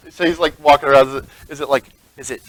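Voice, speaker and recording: Man, game master, rambling, chatty, mid-pitched voice. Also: steady tone, rapid-fire, a bit bright, no room sound, poor audio. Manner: rambling, chatty, laughs often. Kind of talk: narrating a tabletop game.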